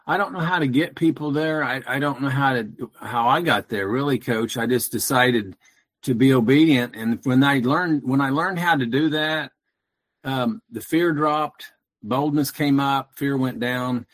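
A man calling in to a talk show, speaking earnestly and haltingly, often restarting his sentences. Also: mid-range voice, fairly bright tone. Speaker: caller. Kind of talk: casual call-in chat.

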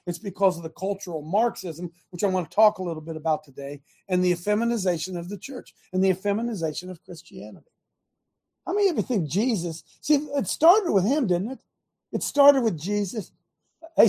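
Fiery husky-voiced man hosting a talk show. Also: high-pitched. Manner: provocative and animated, bursts of loud emphasis. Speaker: host of a Christian talk show. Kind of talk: fiery preaching-style talk show monologue.

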